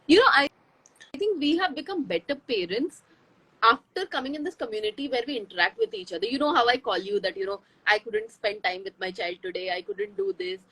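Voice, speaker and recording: A woman's voice: fairly high pitch, lively intonation, a little fast, a bit bright, poor audio. A woman chatting on a parenting live stream, sharing personal stories in an open, chatty way. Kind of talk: casual live chat.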